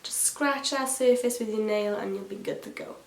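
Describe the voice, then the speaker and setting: A woman talks through her makeup routine in a loose, gossipy ramble, full of "like" and side tangents. Her voice sits at a middling pitch and carries the echo of a bare room at home. A faint hiss runs underneath. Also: normal speed, creaky. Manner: rambling, gossipy, many fillers and asides. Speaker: beauty vlogger. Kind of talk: chatty get-ready-with-me makeup tutorial.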